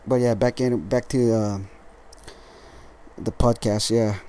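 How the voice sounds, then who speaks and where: A tired, lethargic man hosting a casual solo podcast, rambling with halting restarts and frequent swearing. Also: fairly low pitch, fairly even intonation, dark tone. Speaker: podcast host.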